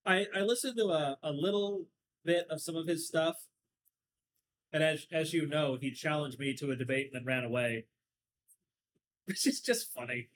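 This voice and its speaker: A man's voice: fairly high pitch, rough recording. A man with a Southern Californian accent, hosting a casual podcast and telling stories at length in a sardonic, rambling way. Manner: talkative, sardonic, rambling storyteller. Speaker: podcast host. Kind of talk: casual chat.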